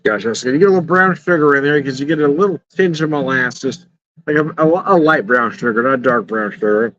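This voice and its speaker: A middle-aged man reviews beer outdoors in the evening, rambling casually, chuckling often, and speaking bluntly with plenty of profanity. His medium-pitched voice is a bit bright and a little fast, captured in dull, slightly lo-fi, dry audio.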